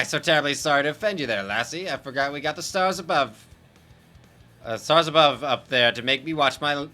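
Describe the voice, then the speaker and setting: A man voicing a brash, rowdy masked male beast-rogue who taunts with rough slang and a vague, put-on accent. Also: sits high, bright, forceful tone, voice pushed up, exaggerated voice.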